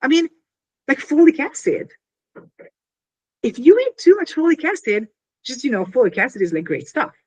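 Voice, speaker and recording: Lively husky-voiced woman explaining. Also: high-pitched, moderate pace, long pauses. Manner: animated, full of fillers, acts out little scenes. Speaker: inventor explaining her product. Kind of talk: casual explanatory interview talk.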